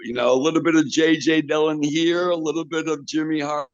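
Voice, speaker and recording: A wrestling manager and trainer tells stories animatedly in an interview, acting out other people's lines in their voices. His voice is smooth, a little high and a little fast. The recording is dull and lo-fi, with no echo.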